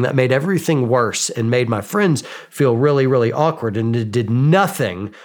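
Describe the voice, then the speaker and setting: Animated man telling self-mocking stories. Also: medium pitch, moderate pace, few pauses. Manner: animated, self-mocking, acts out quoted exchanges. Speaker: podcast guest. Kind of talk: casual storytelling interview.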